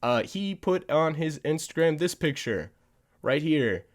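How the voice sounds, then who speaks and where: A man's voice: fairly high pitch, very animated, measured pace. A man hosting a podcast, chatting casually about movie news in a rambling way, restarting sentences and chuckling at himself. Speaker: podcast host.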